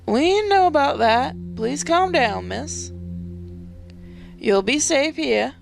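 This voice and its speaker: A woman doing a gentle, courteous old-world priest. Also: high voice, lively intonation, slow pace, vocal fry, heavily acted. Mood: reassuring. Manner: polite, soothing, formal speech. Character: kindly middle-aged male priest, calm and courteous. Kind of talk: reading game dialogue aloud.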